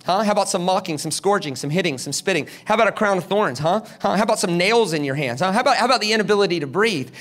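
A man from South Carolina, a guest preacher telling stories in an animated, dramatic sermon at a church service. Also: high voice, quick pace. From South Carolina, USA. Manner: animated, dramatic, acts out quotes. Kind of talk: storytelling sermon. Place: church service, large hall.

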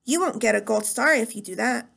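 A woman's voice: a little high, a little fast, creaky, fairly bright tone, full character voice. A woman voicing an odd, overly cheerful female teacher who talks in a hearty, sing-song way. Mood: falsely cheerful.

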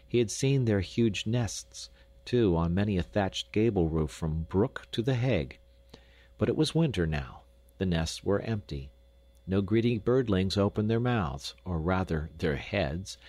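Male audiobook narrator, low voice, measured storytelling, dry close recording. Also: no room sound. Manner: measured, lightly expressive storytelling.

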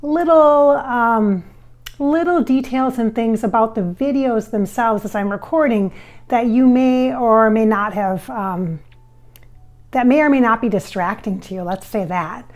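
This Midwestern spirit channeler's fairly high voice is unhurried and a little mellow as she speaks into a microphone to camera. Going over viewer comments, she stays chatty and comforting, her speech dotted with fillers and false starts.

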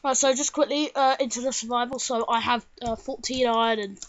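A woman's voice: on the high side, fairly even intonation, fairly quick, lo-fi sound, slight background noise. A woman with sinusitis, casually commentating on a game at home through a desk mic instead of a headset, chatty and rambling. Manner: chatty and rambling, bursts into panicked shouts. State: congested with sinusitis. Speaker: gaming channel host. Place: home room with slight echo.

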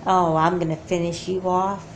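A woman's voice: lowish voice, flat delivery, normal speed, slight background noise, close to an everyday voice. A woman voicing a cruel girl who taunts her sister in a nightmare, in a cold, mocking way.

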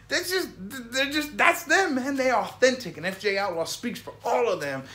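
A man from Florida hosting a music reaction vlog, talking in an excited, rambling way and dropping "man" and "you know what I mean" into nearly every sentence. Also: extremely high pitch, moderate pace. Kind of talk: casual enthusiastic commentary.

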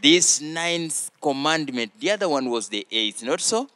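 A man hosting a children's church show, teaching slowly and prompting the children to repeat phrases after him. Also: a little high, lively intonation, bright, forceful tone, no echo. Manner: slow, deliberate, prompting listeners to repeat phrases. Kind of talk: teaching children with call-and-response.

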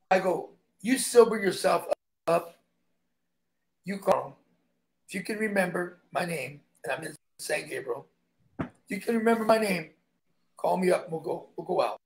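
A man's voice: high voice, vocal fry. A man who is a stuntman, guesting on an interview and telling emphatic stories in which he acts out the dialogue.

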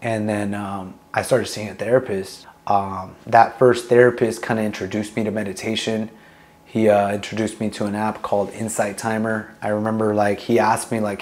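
A man's voice: lowish voice, flat delivery, normal speed, a little mellow. A young man, a Marine veteran, talks candidly about his past in a casual interview, swearing freely and filling his speech with "like" and "dude". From Long Beach, California. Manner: candid, profane, many fillers like "like" and "dude".

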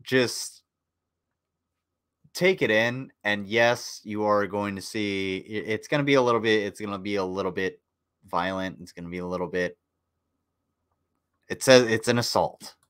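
A man's voice: fairly low pitch, moderate pace, long pauses, fairly bright tone, clear, resonant tone. A tired man casually commenting on a livestream, joking and swearing as he rambles. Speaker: streamer reviewing war footage.

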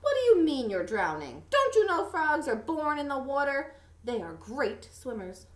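A woman's voice: high voice, very animated, normal speed. A woman voicing a patient mother frog in a storybook, coaxing and instructive, in an echoey room.

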